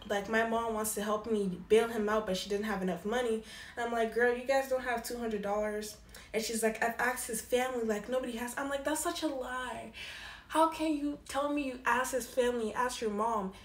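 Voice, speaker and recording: A young woman telling a casual storytime about a past job, acting out what people said with big jumps in her voice. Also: reverberant. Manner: animated, quoting people with lively pitch jumps. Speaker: storyteller vlogger.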